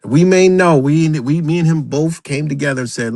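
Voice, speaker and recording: A man's voice: a little high, moderate pace, vocal fry, few pauses, a little mellow, no room sound, studio quality. A man hosting a livestream, ranting unscripted, profane and emphatic, repeating himself and talking straight to his viewers. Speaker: livestream host.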